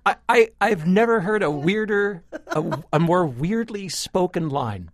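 A man's voice: high-pitched, unhurried, hardly any pauses, no echo, clean studio sound. A man co-hosting a film review show, joking and laughing between restarts as he picks apart a movie. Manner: animated, laughing, deadpan jokes with many restarts. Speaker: podcast co-host, film critic. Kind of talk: casual movie review banter.

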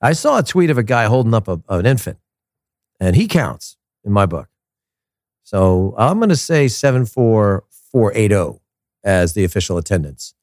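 Man, soccer show host, opinionated casual commentary, lowish voice, dry close sound. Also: normal speed, dry recording. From United States. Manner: opinionated, animated, repeats points for emphasis.

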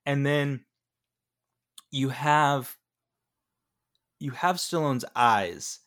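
A man co-hosts a casual movie podcast, chatting about films with rambling enthusiasm and plenty of restarts. His mid-range voice is a bit bright, and he draws out his words.

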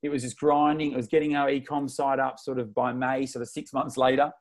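A man in his twenties from Melbourne with an Australian accent, a podcast guest excitedly telling stories in slangy, casual talk. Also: medium pitch, fairly quick. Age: 20s. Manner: excitable, slangy, tells stories with lots of retold dialogue. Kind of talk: casual interview storytelling.

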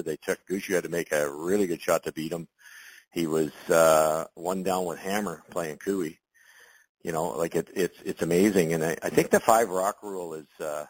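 A middle-aged man talks through his answers in a low, husky voice, circling back and restarting as he goes. The sound is dry and close, with no room around it. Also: no echo, poor audio. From Canada. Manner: rambling, with many restarts and fillers. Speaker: curling analyst and former champion. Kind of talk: casual expert commentary in an interview.

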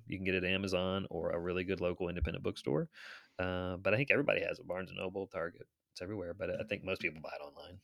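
Man, fifties, author guest; low, bright, gravelly voice; animated anecdotal storyteller. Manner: animated storyteller, chatty asides.

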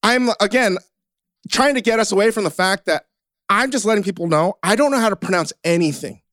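High-voiced man chatting, self-mocking. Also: fairly quick, a bit bright, no echo, studio quality. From United States. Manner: rambling, self-mocking, swears casually. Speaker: podcast host. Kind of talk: casual chat.

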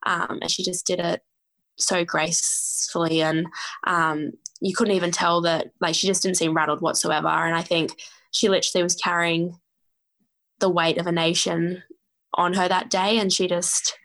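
Woman, from Australia, interview guest, even monotone delivery, hesitant, admiring. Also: on the low side, normal speed. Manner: thoughtful, admiring, a bit hesitant. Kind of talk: casual interview answer.

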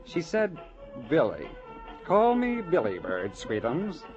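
A man's voice: a little high, wildly swooping pitch, slow pace, exaggerated voice. An actor playing a theatrical, mocking man in a 1950s radio drama, talking in a campy sing-song and mimicking others. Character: theatrical, mocking man, a dancer's twin brother. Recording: dull old radio broadcast with music.

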